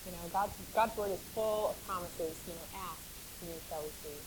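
A woman's voice: lowish voice, moderate pace, noisy background. A woman sharing a personal faith testimony in a chatty storytelling way, often laughing and repeating words for emphasis. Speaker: speaker sharing her testimony.

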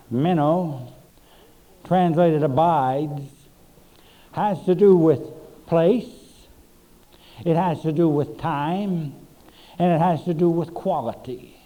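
Male preacher, dark mellow voice, lively pitch, slow and emphatic with dramatic pauses. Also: low-quality recording. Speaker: pastor. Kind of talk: sermon.

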